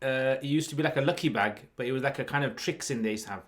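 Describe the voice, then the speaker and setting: A relaxed man at a middle pitch, chatting easily as a podcast host. He tells stories at length and laughs often between them. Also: rapid-fire. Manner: laughing, anecdotal storytelling. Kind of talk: casual chat.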